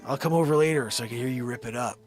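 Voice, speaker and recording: A man voicing his laid-back male friend, excited and casual, in his own everyday voice. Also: medium pitch, racing, soft background music, voice pushed down, lightly acted. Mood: impressed.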